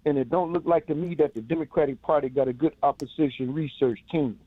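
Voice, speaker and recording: A man's voice: a little high, fast, no echo. A man calling in to a radio show, earnest and direct in his opinions. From Chicago, US. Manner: earnest, direct, plain-spoken. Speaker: caller. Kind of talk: call-in political commentary. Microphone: phone. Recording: tinny phone line.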